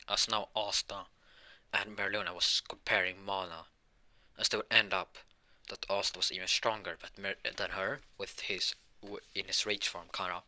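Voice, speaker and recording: A man improvising a fan-fiction story out loud, rambling and halting with many restarts and self-corrections. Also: deep voice.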